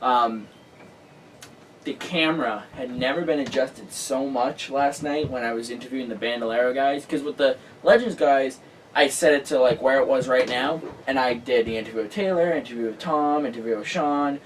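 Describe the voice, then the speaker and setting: A male host telling a story in casual chat, excitable and full of filler words. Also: mid-range voice, normal speed, recorded from a distance, a little hiss or hum, low-quality recording.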